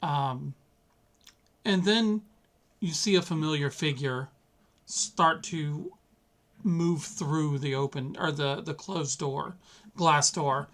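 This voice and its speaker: A man narrates as game master for a tabletop role-playing game, loose and halting with many fillers. His pitch is fairly high and a bit bright.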